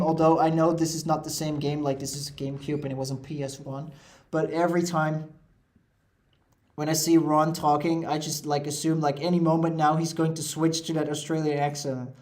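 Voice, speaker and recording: A man giving casual, rambling commentary over a video game playthrough, filling his sentences with "like" and "uh". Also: on the high side. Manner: rambling, lots of "like" and "uh" fillers. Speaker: let's play host.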